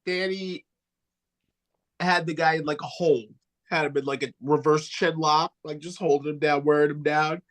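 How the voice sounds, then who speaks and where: High-voiced man telling a profane story. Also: fairly even intonation, normal speed. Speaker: wrestling podcast co-host. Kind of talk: casual podcast banter.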